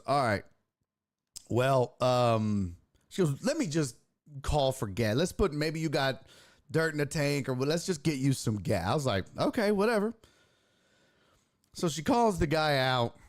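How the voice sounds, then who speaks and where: A man, hosting a sports talk stream and telling a long, profane story in a rambling, casual way. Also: medium pitch. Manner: profane, rambling anecdote with lively impressions. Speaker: sports talk show host.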